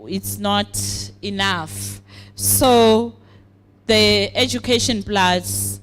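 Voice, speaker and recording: A woman with a Swazi accent giving a formal speech at a program launch, deliberate and pausing often. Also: mid-range voice, fairly bright tone, a little hiss or hum. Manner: deliberate, with frequent hesitations. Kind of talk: formal speech mixing English and siSwati.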